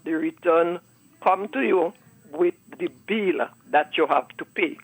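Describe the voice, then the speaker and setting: Husky gravelly caller on a phone line. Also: male voice, fairly high pitch, measured pace. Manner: warm, blessing-giving, talks in long run-on sentences. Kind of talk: phone-in call. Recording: rough phone line with beeping.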